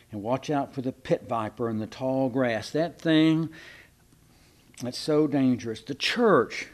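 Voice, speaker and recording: A man's voice: mid-range voice, darkish tone. A man preaching a sermon in a folksy, conversational way, often repeating and restarting his words.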